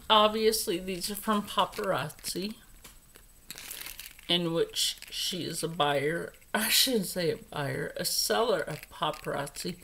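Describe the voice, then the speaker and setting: A woman's voice: medium pitch, fairly bright tone, a little hiss or hum, poor audio. A middle-aged woman vlogger chatting casually as she unboxes jewelry, gushing over each piece and sometimes dropping to a whisper, stuffy from allergies. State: congested from allergies.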